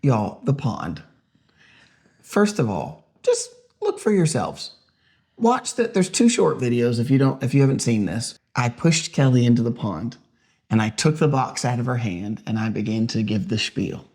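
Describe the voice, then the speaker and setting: This podcast co-host is a man with a medium-pitched, somewhat dark voice, lively intonation and a normal speaking speed. In casual chat he rambles and leans on lots of fillers.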